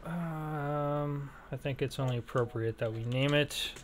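A man's voice: on the high side, unhurried. A man giving casual let's play commentary, thinking aloud with many fillers and self-deprecating jokes. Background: faint game music.

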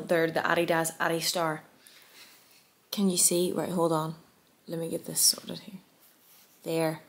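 A woman's voice: fairly low pitch, fairly bright tone. A young woman, chatting to her phone camera in her bedroom, rambling and poking fun at herself. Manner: chatty, self-mocking, rambling. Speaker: vlogger. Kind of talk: casual vlog chat to camera. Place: bedroom at home.

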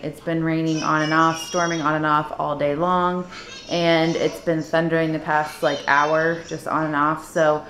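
A woman's voice: deep voice, a bit bright. A young woman chatting to viewers in a casual family vlog at home, speaking into a handheld camera. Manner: chatty, talking straight to viewers. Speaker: family vlogger. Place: family home indoors on a rainy day. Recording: echoey room.

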